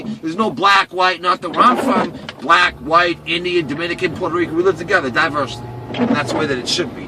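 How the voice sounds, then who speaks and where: A man from Boston riding as a taxi passenger, ranting with emphatic, profane talk and repeating himself. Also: high-pitched. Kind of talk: heated personal rant. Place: inside a taxi cab. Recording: distant voice under loud road noise. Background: road and engine noise.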